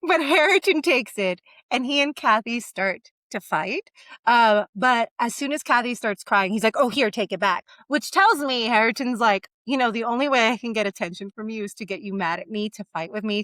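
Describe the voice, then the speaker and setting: A young woman co-hosting a casual book discussion, animated, slipping into voices for characters. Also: medium pitch, dry recording. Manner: animated, acts out characters in quoted asides. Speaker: podcast co-host.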